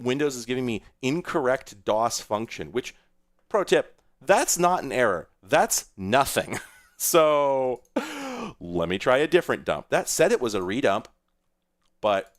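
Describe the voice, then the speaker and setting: Guy on a live stream, rambly and sarcastic, pitch bouncing all over, laughs at his own mess. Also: big pitch swings, unhurried. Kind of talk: casual livestream commentary.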